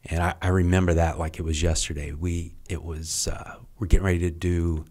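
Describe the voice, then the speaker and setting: A middle-aged man with a very low voice tells stories from his training days as a podcast guest. He speaks casually, halts and restarts often, and acts out quoted lines. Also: flat delivery, darkish tone. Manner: halting, with many restarts and acted quotes. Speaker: podcast guest, retired Navy SEAL. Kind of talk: casual storytelling.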